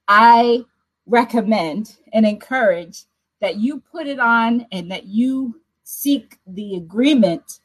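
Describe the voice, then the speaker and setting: A woman leads a prayer watch as its host, preaching to her listeners. She is emphatic and expressive, throwing in lively asides. Her voice sits slightly high for a woman. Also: poor audio. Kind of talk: preaching to an online prayer audience.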